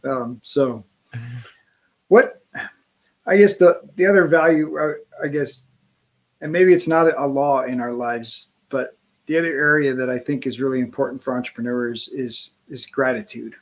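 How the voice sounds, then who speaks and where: A man's voice: medium pitch, normal speed. A man hosting an interview, asking questions in an affirming, easygoing way and laughing easily. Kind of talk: conversational interview.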